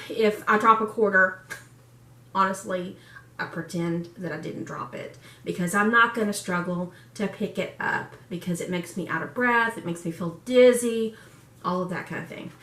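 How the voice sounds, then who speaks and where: A woman's voice: mid-range voice, pushed and bright. A woman in her forties talking candidly and emotionally in a personal vlog, laughing often as she speaks. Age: 40s. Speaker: vlogger. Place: room in a home. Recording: echoey room, far from mic.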